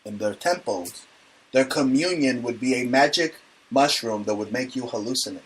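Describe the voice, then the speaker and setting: A man's voice: medium pitch, normal speed. A man hosting a casual comedic talk show, brash and profane, joking as he rants. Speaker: podcast host.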